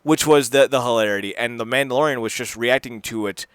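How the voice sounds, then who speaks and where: A man co-hosting a podcast in casual, profane chat, animated and rambling with many restarts. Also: medium pitch, quick pace, smooth, dry recording. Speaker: podcast co-host.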